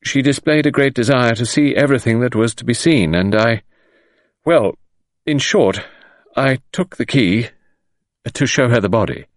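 Man voicing an earnest young english gentleman, apologetic and meek, audiobook. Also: mid-range voice, normal speed, pauses often, no room sound, clean studio sound, voice pushed up, lightly acted.

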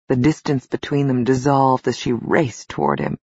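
A woman reading a romance novel as an audiobook narrator, in even, measured storytelling. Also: rumbling low, husky, dry recording. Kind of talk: scripted narration. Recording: slightly dull, dry studio recording.

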